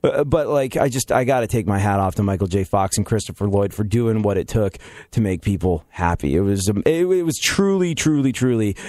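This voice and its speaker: A man's voice: lowish voice, expressive, brisk, darkish tone, dry recording. A man from New York with a New York accent, hosting a comedic chat show and rambling jokily with lots of fillers. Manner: rambling and jokey, many fillers and restarts. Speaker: show host.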